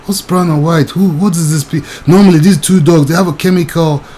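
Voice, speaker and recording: A man's voice: fairly high pitch, fairly even intonation, a little fast, mellow, a little hiss or hum, rough recording. A young man, ranting agitatedly and talking straight to the viewer in video commentary.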